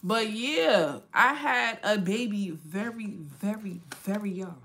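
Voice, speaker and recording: At home with her children nearby, a young woman who's a makeup vlogger and mom chats casually with viewers, frank and slangy, laughing often. Her voice is medium-pitched and fairly bright, animated yet slow-paced.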